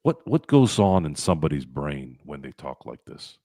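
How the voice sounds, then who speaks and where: A man's voice: extremely low pitch, sing-song, normal speed, mellow, no echo, clean studio sound. A man hosting a sports talk show, ranting bluntly and swearing freely. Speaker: podcast host.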